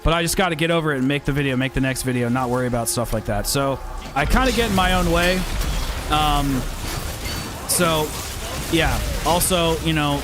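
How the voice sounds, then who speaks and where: A man's voice: on the high side, normal speed. A man streaming a video game, chatting casually with a rambling, self-deprecating manner. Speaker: gaming streamer and YouTuber. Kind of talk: casual livestream chat while playing. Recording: loud game music under the voice. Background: game music and sound effects.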